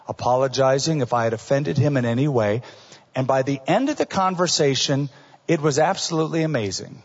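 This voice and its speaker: A middle-aged male pastor preaching a sermon in an earnest, conversational way, often dropping to a soft voice for asides. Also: medium pitch, brisk, breathy edge. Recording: dull recording in a large reverberant hall.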